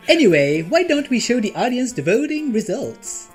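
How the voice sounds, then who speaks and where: Cheeky British co-host. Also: female voice, mid-range voice, very animated, a little slow, faint music behind. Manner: cheeky and full of slang.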